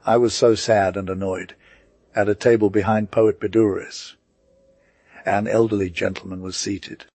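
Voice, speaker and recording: A man with a fairly low voice reads a novel aloud at a steady pace. He stumbles and restarts now and then, and the recording is dry and close. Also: breathy edge, no room sound. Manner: steady reading with occasional slips and restarts. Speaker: narrator. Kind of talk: audiobook reading.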